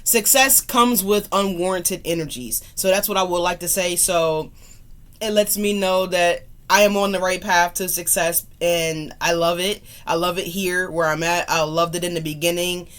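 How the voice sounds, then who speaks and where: A woman's voice: lowish voice, steady tone, moderate pace, a bit bright. Woman doing her tarot channel intro, super casual, repeats herself a lot, swears a bit, drifts off mic sometimes. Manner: chatty and loose, repeats greetings, swears casually. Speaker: tarot reader and channel host. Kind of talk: casual chat to camera.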